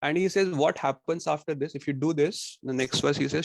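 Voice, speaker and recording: A man giving a scripture class. He recites Sanskrit verses in a chanting cadence, then explains them in plain, halting full of "you know". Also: a little high, creaky, no echo. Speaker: temple class speaker.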